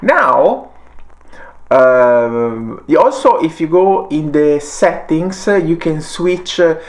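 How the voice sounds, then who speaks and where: Man with an Italian accent, halting. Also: on the high side, animated. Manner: halting, frequent uh fillers, non-native grammar. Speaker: tech reviewer. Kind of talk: casual product demo.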